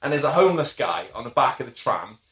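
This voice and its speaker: A man's voice: medium pitch, big pitch swings, fast, fairly bright tone, roomy sound, low-quality recording. A man co-hosting a podcast, rambling with lots of fillers as he tells a story in casual chat. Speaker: podcast co-host.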